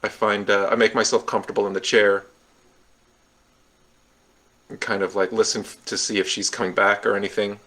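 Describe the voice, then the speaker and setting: A man with a fairly low voice plays a tabletop role-playing game. He talks in an easygoing, self-deprecating way as he describes his character's actions. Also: flat delivery, a little fast, pauses often, sharp tone. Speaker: player. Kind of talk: casual in-character play.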